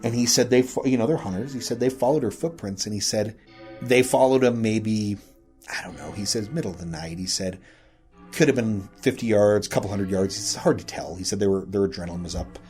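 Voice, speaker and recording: A man with a fairly low voice recounts an eerie local tale in a loose, conversational way. He rambles and keeps circling back with "he said" and "you know" as he pieces the story together. Soft music sits faintly underneath. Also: brisk. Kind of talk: casual spoken storytelling.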